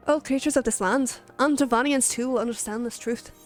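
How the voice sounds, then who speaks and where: A woman's voice: on the high side, fairly quick, faint music behind, close to an everyday voice. Woman voicing a lofty crusader knight, declaiming, proud, game dialogue.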